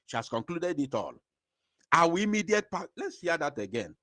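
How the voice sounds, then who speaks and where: Fiery man, lively pitch. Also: normal speed, no echo, clean studio sound. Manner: fiery, emphatic, mixes Igbo and English. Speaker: political commentator. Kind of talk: impassioned commentary.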